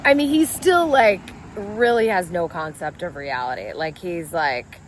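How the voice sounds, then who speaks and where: A woman's voice: fairly low pitch, animated, unhurried, slight background noise. A middle-aged woman telling a story about her stepson in a casual vlog, venting and exasperated, acting out the arguments she quotes. She sounds as if she is speaking into a phone at arm's length inside a parked car. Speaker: vlogger.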